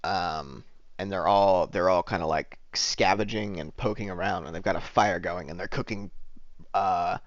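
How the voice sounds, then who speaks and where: A man's voice: low-pitched, normal speed, no room sound, highs cut off. A man narrating as dungeon master in a casual, rambling way with many fillers. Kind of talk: narrating a tabletop game.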